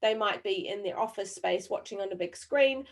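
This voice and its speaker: A woman from New Zealand whose accent has softened over years abroad, presenting an online training webinar. She talks deliberately with frequent pauses and keeps putting questions to the audience in the chat. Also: medium pitch. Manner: engaging, quizzes the audience through the chat.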